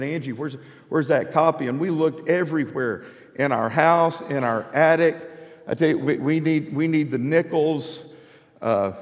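A man, preaching a sermon as pastor. He speaks emphatically, often stammers on his first words, and leads the congregation in repeating phrases. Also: mid-range voice. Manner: emphatic preaching with call-and-response repetition. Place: church sanctuary. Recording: long church reverb.

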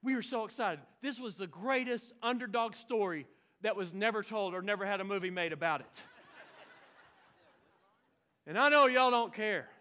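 A man from Oklahoma, preaching a lively, storytelling sermon with sudden bursts of shouting. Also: high-pitched, moderate pace, long pauses. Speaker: pastor.

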